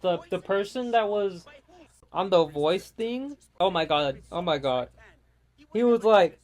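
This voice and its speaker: A man's voice: high voice, animated, a little slow. A man ranting casually and profanely over gameplay, rambling from one gripe to the next. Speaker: gaming vlogger.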